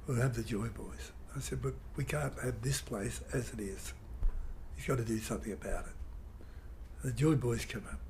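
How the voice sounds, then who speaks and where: An older man telling a rambling, animated story in an interview. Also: medium pitch, moderate pace, a little hiss or hum. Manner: rambling, animated storyteller who mimics guitar sounds. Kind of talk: reminiscing anecdote.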